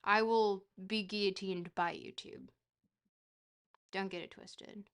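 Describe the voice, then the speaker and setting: A woman's voice: medium pitch, steady tone, takes it slowly, a bit bright, clear, resonant tone. A woman streamer talks her way through a geography guessing game in loose, casual chat. She rambles and jokes, with an easy habit of swearing.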